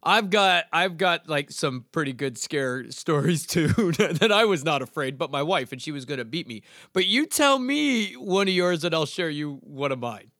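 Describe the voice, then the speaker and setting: A man hosting a casual podcast chat, telling animated stories and laughing as he acts out quotes. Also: a little high, moderate pace, hardly any pauses, dry recording, clean studio sound. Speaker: podcast host.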